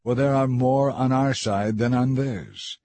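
A man reading the lines of a calm, commanding old prophet in a scripture story. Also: medium pitch, a little slow, dry recording, close to an everyday voice.

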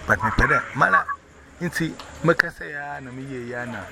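A man's voice: mid-range voice, normal speed, vocal fry. A man telling a rambling story, repeating words as he goes. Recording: noisy recording.

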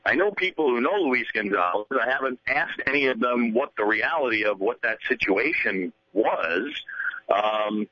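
This man, a baseball broadcaster, chats loosely as a radio interview guest, wandering through his thoughts with frequent restarts and "you know"s. He speaks at medium pitch, expressively and at a moderate pace, in a dry recording with dull audio.

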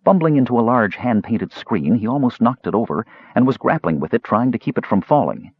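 A man narrating a fantasy audiobook in an expressive storytelling manner, in a dull, dry recording. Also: medium pitch, brisk, few pauses, breathy edge, no room sound.

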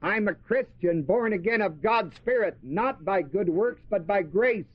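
A man's voice: high-pitched, lively intonation, a little slow, breathy edge, no echo. A man preaching a sermon, asking his listeners questions and repeating key words for emphasis. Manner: asks the audience questions and answers them. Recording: dry, dull lo-fi recording.

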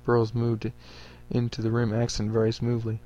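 A man reading a story aloud for a podcast in a steady, even manner. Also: mid-range voice, normal speed, dull audio, faint music behind.

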